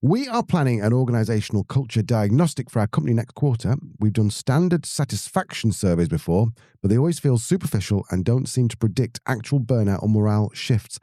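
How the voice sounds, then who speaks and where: A man's voice: medium pitch, lively intonation, fairly quick, hardly any pauses, mellow, no room sound, clean studio sound. A man hosting a podcast, chatty and upbeat, reading listener questions to his co-host. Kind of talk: casual podcast chat.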